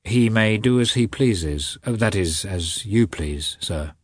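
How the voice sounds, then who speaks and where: A man voicing a deferential but knowing manservant who speaks dryly, in a husky, low voice. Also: expressive, slow pace, no echo. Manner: dry, deferential, quietly amused. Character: dry, knowing middle-aged manservant.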